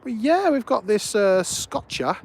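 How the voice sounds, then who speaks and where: A man's voice: high-pitched, sing-song, measured pace, vocal fry, husky. Chatty Scouse man hosting a live stream. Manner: chatty, greets viewers by name, enthusiastic commentary. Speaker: livestream host. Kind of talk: casual live-stream chat. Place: outdoors at an airport.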